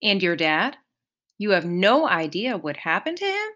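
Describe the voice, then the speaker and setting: A woman voicing a blunt, joking boy, asking wry, offhand questions in a slow storybook reading. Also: mid-range voice, very animated, bright, forceful tone.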